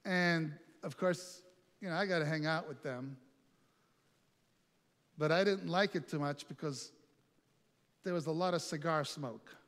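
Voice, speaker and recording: A middle-aged male pastor telling a lively personal story in a sermon, acting out the other voices in it. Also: fairly high pitch, a little slow, pauses often. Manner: animated storytelling with quoted voices. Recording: long reverb, faint music.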